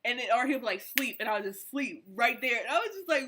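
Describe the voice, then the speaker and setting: A young woman, a college student, excitedly telling a casual storytime vlog in slangy, animated speech. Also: on the high side, a little fast, few pauses. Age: young adult. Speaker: vlogger.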